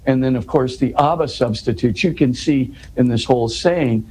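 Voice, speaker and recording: A man with a mellow, medium-pitched voice talks scripture as an interview guest at a moderate pace, heard on a rough recording with slight background noise. His earnest explanations include restarts, repeated words, a habitual "right?", and rising emphatic questions.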